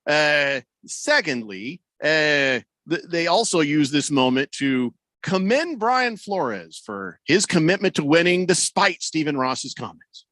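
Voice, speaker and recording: A man's voice: fairly high pitch, very animated, slow, hardly any pauses, pushed and bright, no echo. A man hosting a sports talk radio show, chatting casually and animatedly, tossing in mocking impressions.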